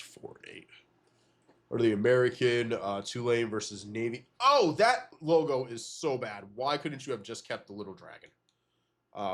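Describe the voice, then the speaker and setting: A man with a cold, reacting to simulated game results in an excitable, disbelieving way and swearing often. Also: fairly low pitch, vocal fry. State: has a cold. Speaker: gaming video creator.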